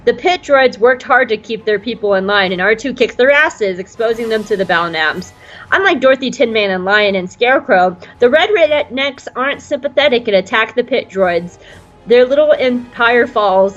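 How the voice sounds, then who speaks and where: A woman's voice: medium pitch, muffled recording. A woman with a Southern US accent, casually recapping a show as a podcast co-host with jokes and funny voices. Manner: chatty, jokey, tries funny voices.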